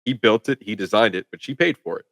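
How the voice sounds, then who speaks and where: A man co-hosts a casual movie-review chat, talking quickly and piling up "like" as he goes. His voice sits on the low side, and the recording is dry and close with no room sound. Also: creaky, a bit bright, no room sound. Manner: rambling, filler-heavy with lots of "like". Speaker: podcast co-host.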